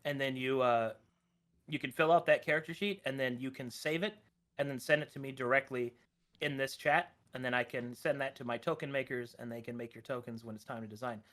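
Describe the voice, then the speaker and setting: A man running a tabletop game on a live stream, walking players through the rules in a brisk, upbeat way. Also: mid-range voice, steady tone, a bit bright. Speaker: game master.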